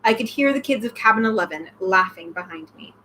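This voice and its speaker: A young woman reading a novel aloud, breaking off with excited comments about the myths. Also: medium pitch, a little fast, slight background noise, rough recording. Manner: excited outbursts between read passages. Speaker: reader, channel host.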